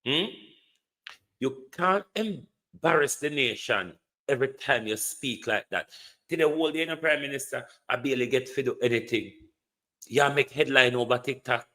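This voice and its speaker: A man's voice: medium pitch, pushed and bright, rough recording. A Jamaican man hosting a livestream, delivering a scornful, emphatic political rant and repeating his insults. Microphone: streaming setup.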